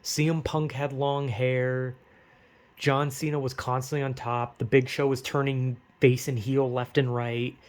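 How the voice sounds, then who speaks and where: A man's voice: mid-range voice, level tone, a little slow. A man ranting casually and rambling with lots of fillers, getting frustrated and swearing often. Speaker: wrestling fan vlogger. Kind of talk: casual rant.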